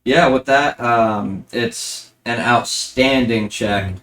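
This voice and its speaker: Man, game master, easygoing narration, lots of ums, mid pitch. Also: slow. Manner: relaxed, rambling narration with fillers.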